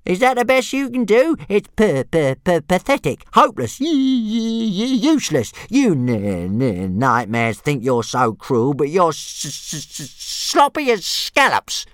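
A man voicing a small cheeky young male dragon who stammers and jeers in a high, squeaky voice. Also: wildly swooping pitch, a little slow, few pauses, dry recording, clean studio sound, heavily acted. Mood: jeering.

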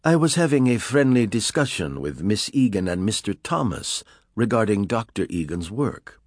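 A man's voice: fairly low pitch, big pitch swings, moderate pace, no echo, studio quality. A man reading an audiobook, voicing a suave, threatening male villain who gives orders in a raised, clipped voice. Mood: menacing. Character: smooth menacing male villain, commanding.

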